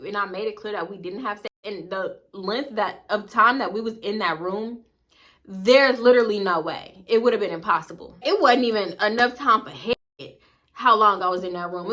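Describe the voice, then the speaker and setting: A woman's voice: mid-range voice, moderate pace, sharp tone. A young woman vlogger telling a storytime tale casually, profane and gossipy, acting out what people said.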